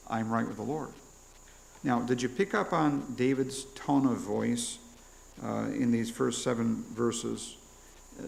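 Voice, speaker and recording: A man preaches a sermon at a middle pitch, his voice heavy with gravelly fry. He teaches by putting questions to his listeners and acting out the prayers he quotes. A faint hiss sits under the recording. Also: low-quality recording. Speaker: pastor. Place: church.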